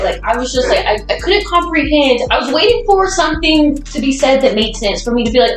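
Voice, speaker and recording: A young woman vlogger casually retelling a dream to her partner, animated, laughing often and swearing as she acts out what people said. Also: high-pitched, brisk, hardly any pauses. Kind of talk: casual storytelling chat. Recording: echoey room, voice a bit far from the mic, music behind.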